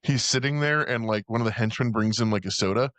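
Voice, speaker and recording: A man co-hosting a casual movie-review podcast, swearing freely, laughing and tossing in quick quoted impressions. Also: mid-range voice, a bit bright, no echo. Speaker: podcast co-host.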